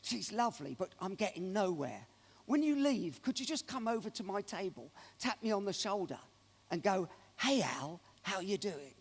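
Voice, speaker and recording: A man's voice: sits high, big pitch swings, moderate pace, breathy edge, exaggerated voice. A man voicing a small, cheeky Cockney gambler who pleads for a favour, heard with a long hall echo. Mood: pleading.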